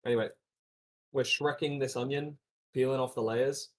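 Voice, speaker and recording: A man's voice: mid-range voice, steady tone, moderate pace. A young man chatting casually to a live stream while he cooks, rambling and slangy, swearing and trailing off mid-sentence, sometimes stepping away from the mic. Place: home kitchen.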